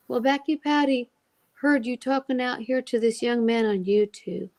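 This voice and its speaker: Animated woman telling an emotional story. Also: fairly high pitch, moderate pace. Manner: animated, acts out quoted dialogue. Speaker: guest.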